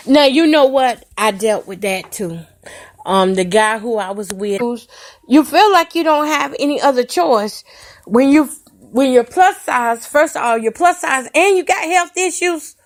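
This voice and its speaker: A woman's voice: high-pitched, lively intonation, a little slow. Candid woman podcaster. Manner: candid, emotional, addresses listeners as y'all. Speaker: podcast host. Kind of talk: personal storytelling podcast.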